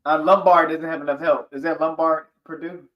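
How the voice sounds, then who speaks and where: A man co-hosting a casual live stream, laid back and making quick picks. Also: a little high, little pitch movement, dull audio. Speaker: co-host.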